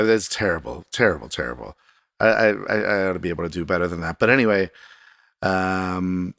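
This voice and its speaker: Deep-voiced man rambling on his podcast. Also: a bit bright, dry recording, clean studio sound. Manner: rambling and self-deprecating. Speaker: podcast host. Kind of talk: casual solo podcast monologue. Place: desk in a home recording room.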